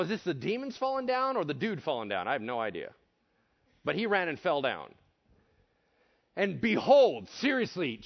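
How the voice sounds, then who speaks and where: A man preaching with a lively, swooping voice pitched a bit high. He is animated and jokey, and he acts out voices as he goes. The recording is dull and lo-fi. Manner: animated, jokey, acts out voices, shifts between loud and hushed. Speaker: pastor. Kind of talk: animated sermon. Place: church room with audience.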